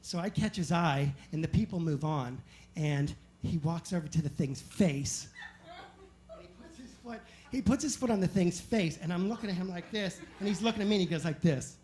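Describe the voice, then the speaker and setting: High-voiced man doing stand-up. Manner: animated, self-mocking anecdotes with quick asides. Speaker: stand-up comedian. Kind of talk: stand-up storytelling. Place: live comedy club stage.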